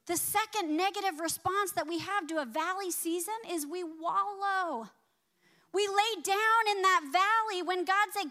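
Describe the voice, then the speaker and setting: Woman pastor preaching, high bright voice, gets loud then drops low for bible verses. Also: measured pace. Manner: dynamic preaching, climbs loud and high on key points, drops low for scripture. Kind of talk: sermon.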